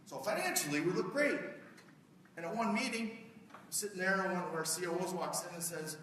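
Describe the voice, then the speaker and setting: Man, middle-aged, keynote speaker, bright voice, chatty, quizzes the audience, echoey hall recording from far off. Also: high-pitched, expressive, fairly quick, a little hiss or hum. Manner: conversational, asks the audience questions. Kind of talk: conference keynote talk. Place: large conference hall.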